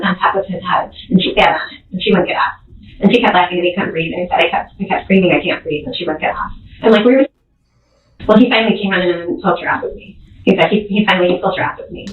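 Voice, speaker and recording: A woman recounting events to an interviewer in a halting, emotional, rambling way. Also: mid-range voice. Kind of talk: recorded interview testimony. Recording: distant, echoey, tinny recording with faint noise.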